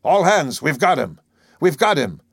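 A man voicing a desperate male sailor, shouting and pleading urgently in a storybook reading. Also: medium pitch, fairly even intonation, quick pace, vocal fry, slightly rough, no room sound, clean studio sound, full character voice. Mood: triumphant. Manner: frantic, raised, urgent shouting.

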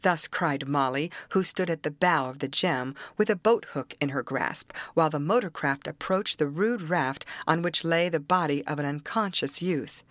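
A woman narrating an audiobook in an expressive storytelling manner. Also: low-pitched, no room sound. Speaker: audiobook reader.

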